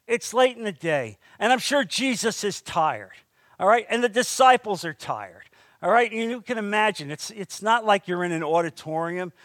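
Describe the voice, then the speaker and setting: A man preaching a sermon as pastor, with animated delivery that rises into emphatic bursts. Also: sits high, normal speed, no echo, clean studio sound.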